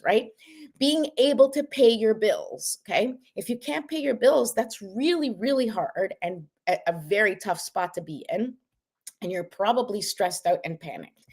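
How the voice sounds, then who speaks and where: A woman's voice: a little high, lively intonation, measured pace, husky. A middle-aged woman from Canada giving a casual motivational talk as a life coach, chatty and full of asides. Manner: chatty, many asides, says "right?" and "like" often.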